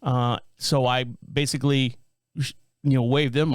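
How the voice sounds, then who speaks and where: A man's voice: mid-range voice, steady tone, a little fast, dry recording, clean studio sound. A middle-aged man hosting a podcast, talking in a rambling casual monologue full of fillers and restarts. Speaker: podcast host.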